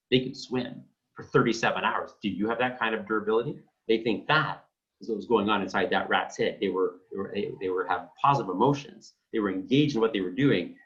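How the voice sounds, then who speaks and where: A man's voice: on the low side, fairly bright tone. A man coaching realtors, blunt and emphatic, acting out phone calls with clients. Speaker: real estate coach. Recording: dull lo-fi sound.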